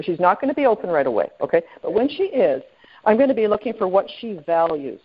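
Woman, lower voice, sales trainer, chatty with fillers, tinny phone line. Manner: chatty, with many fillers and friendly questions to the group. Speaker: sales trainer leading a group call. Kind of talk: coaching talk on a conference call.

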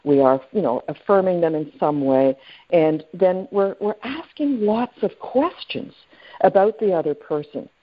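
A woman's voice: lowish voice, lively intonation, a little slow. A woman leading a sales training call, chatty and full of fillers, often checking in with her listeners. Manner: chatty, with many fillers and friendly questions to the group. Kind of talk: coaching talk on a conference call. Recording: tinny phone line.

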